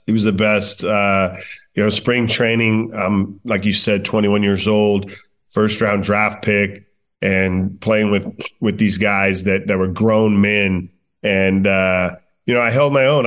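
A man in his forties with a fairly low voice, a baseball manager on a podcast. He tells his stories in a chatty, relaxed way, full of fillers and laughter. The talk stays loose and conversational. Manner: chatty, laughs through anecdotes, many fillers. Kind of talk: casual interview storytelling.

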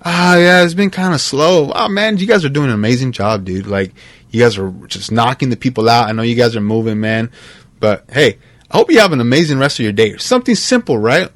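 Animated heartfelt podcast host, dry sound. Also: male voice, mid-range voice, dry recording. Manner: animated, heartfelt, says "man" and "bro" a lot. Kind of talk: casual podcast conversation.

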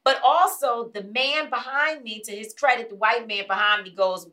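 A woman hosting a casual talk show, telling a story with animated delivery, acting out other people's lines and swearing bluntly. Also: a little high, moderate pace, hardly any pauses. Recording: voice a bit distant from the mic.

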